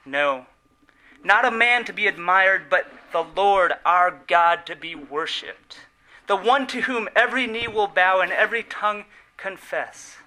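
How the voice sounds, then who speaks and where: Man, sermon, high voice, very bright and forceful, earnest, emphatic, soft trailing endings. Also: lively intonation, a little slow, low-quality recording. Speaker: preacher.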